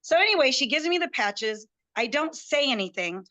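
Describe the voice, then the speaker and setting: Bright, chatty woman telling her story. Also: high voice, moderate pace. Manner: chatty, excitable, acts out quoted dialogue. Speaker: guest. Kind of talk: animated personal storytelling.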